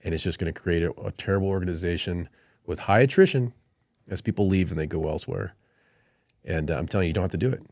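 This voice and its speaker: A middle-aged man with a slightly low voice tells military stories with animated energy, laughing as the punchlines land. He is recorded close on a dry, deadened podcast microphone. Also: quick pace, no room sound. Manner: animated storyteller, laughs through anecdotes. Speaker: Marine colonel guest. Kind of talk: storytelling in podcast conversation.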